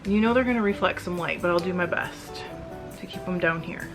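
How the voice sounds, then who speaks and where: A middle-aged woman who makes fiber arts videos, chatting candidly and emotionally with viewers while she spins, rambling with quick asides and a slightly teary edge. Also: fairly low pitch, over music. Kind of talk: casual chat to viewers while spinning.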